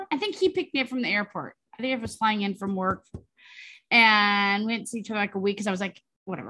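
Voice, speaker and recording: A woman's voice: mid-range voice, fairly bright tone. A woman in her forties co-hosting a podcast, telling long rambling stories full of fillers in casual chat. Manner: chatty, rambling storyteller with many fillers. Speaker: podcast co-host.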